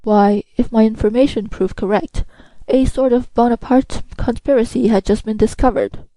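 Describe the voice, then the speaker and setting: A woman reading the part of a formal male royal prosecutor in a measured, grave way, close to her own voice. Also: fairly high pitch, fairly even intonation, mellow, no room sound, natural voice, low-quality recording.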